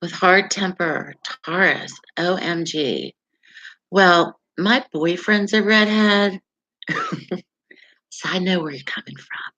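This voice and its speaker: Brief: middle-aged woman, unhurried chatty stream host, laughs a lot, slightly dull lo-fi sound. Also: fairly low pitch, bright, forceful tone. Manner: chatty, laughs often, reacts to comments. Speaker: livestream astrology host. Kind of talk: casual live-stream chat reading viewer comments.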